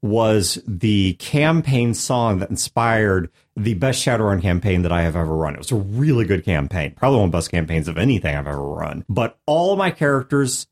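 A man's voice: on the low side, big pitch swings, moderate pace, hardly any pauses. A middle-aged man hosting a podcast, chatting casually about running tabletop games, rambling and poking fun at himself. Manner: rambling, self-mocking storyteller. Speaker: podcast host and game master. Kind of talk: casual chat.

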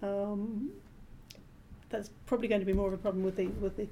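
A woman translator being interviewed, explaining her work in a measured, thoughtful way with frequent pauses and ums. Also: medium pitch, little pitch movement, warm tone, slight background noise. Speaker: literary translator, interview guest. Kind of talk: thoughtful academic conversation.

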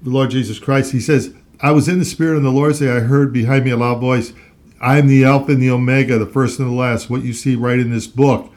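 A man's voice: medium pitch, fairly even intonation, brisk, hardly any pauses, a little mellow. Earnest man teaching scripture aloud. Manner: earnest, reads scripture aloud with rising emphasis. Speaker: Bible teacher co-hosting a Christian talk show. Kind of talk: conversational Bible teaching.

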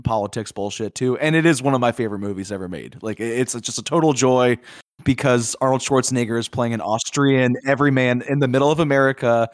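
Another film-review co-host talks quickly in a mid-range voice, keeping the chat casual and loose with many filler words. The studio recording is dry and clean.

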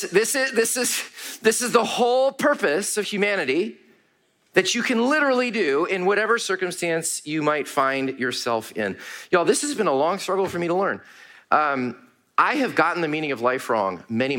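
Man, pastor, bright tone, earnest repeating sermon cadence. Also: a little high. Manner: earnest, repetitive preaching cadence.

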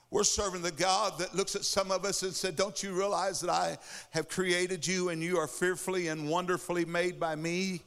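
A man's voice: fairly high pitch, creaky, a bit bright, in a large hall. A man preaching a sermon in a church, emphatic and rhythmic with repeated phrases. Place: church sanctuary.

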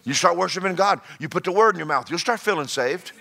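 A man preaching a sermon in a bright, ringing voice that sits a little high. He mixes jokes and folksy asides with loud exhortation, then drops to quiet storytelling. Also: expressive, fast, creaky.

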